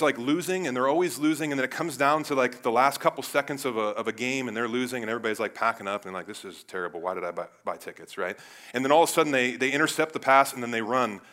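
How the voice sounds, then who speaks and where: Bright-voiced, animated male preacher. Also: mid-range voice, fast talker. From Cleveland, United States. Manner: conversational and animated, swinging between loud bursts and quiet asides. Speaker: pastor. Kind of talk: sermon.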